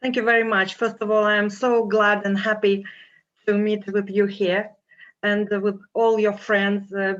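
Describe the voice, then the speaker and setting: An older woman with a strong Russian accent, speaking slowly and haltingly with many fillers as a guest on a video call panel. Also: medium pitch, level tone. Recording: dull lo-fi video call audio.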